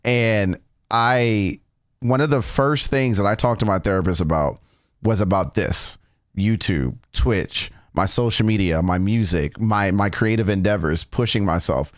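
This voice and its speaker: A man's voice: fairly low pitch, a little slow, no echo, studio quality. A young man hosting a reaction video, telling a personal story in a candid, casual way, swearing often and restarting sentences.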